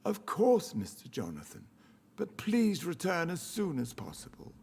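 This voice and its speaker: A man's voice: on the high side, huge pitch swings, unhurried, creaky, noisy background, heavily acted. A man voicing a deferential household servant who speaks earnestly to his master in a video game. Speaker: game character.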